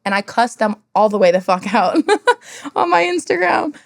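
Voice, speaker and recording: A woman guest on an interview podcast, telling candid stories in an animated way and swearing freely. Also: mid-range voice, moderate pace, creaky. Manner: animated, swears freely, acts out what others said.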